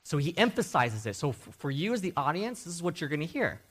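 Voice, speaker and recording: A man preaching a sermon as a Bible teacher, emphatic and animated, repeating key words and often checking in with "okay?". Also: on the high side, fast talker, husky.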